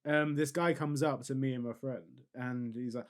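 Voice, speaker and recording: A man's voice: medium pitch, fairly even intonation, moderate pace. A young British man co-hosting a podcast, telling travel stories in casual chat and laughing often. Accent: British English. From England. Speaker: podcast co-host.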